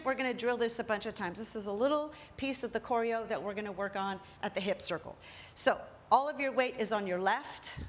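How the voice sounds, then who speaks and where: An upbeat woman leads a belly dance lesson, counting out moves and sharp accents while she dances. Her voice sits a little high for a woman and stays bright and encouraging. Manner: energetic, counts moves aloud with rhythmic cues. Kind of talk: live dance instruction while demonstrating.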